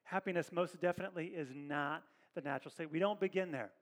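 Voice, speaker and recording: A pastor preaching a sermon in a conversational, animated way, with asides to the congregation in a church. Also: male voice, a little high, quick pace.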